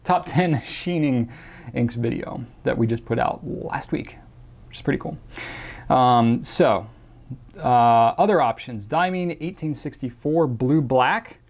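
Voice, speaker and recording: A man hosts a relaxed question-and-answer show and talks in a loose, chatty way. He fills his sentences with "um" and "like" and restarts them often. His voice sits at a middling pitch. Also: measured pace. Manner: chatty, casual, with many fillers and restarts; reads out a viewer's question in a mock accent. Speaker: host answering viewer questions. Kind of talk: casual chat.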